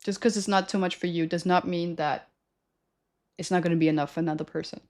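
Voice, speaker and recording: This young woman livestreamer speaks fast in a fairly low, steady, slightly mellow voice. She rambles through casual stories for her chat, using slang and frequently fixing what she said partway through a sentence.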